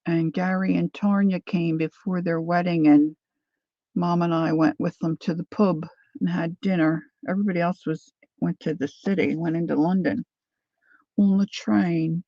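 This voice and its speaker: A woman's voice: fairly low pitch, steady tone, moderate pace, dark tone, dry recording, highs cut off. A woman hosting a casual crafting livestream, chatting and thinking aloud as she works and answering viewers. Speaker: craft channel host.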